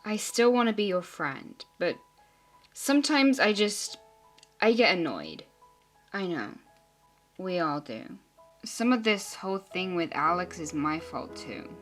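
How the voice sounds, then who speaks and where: A woman's voice: on the low side, very animated, measured pace, a bit bright, faint music behind. A woman voicing several teenage girls in an amateur drama, talking in an emotional, earnest and sulky way. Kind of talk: amateur teen drama acting.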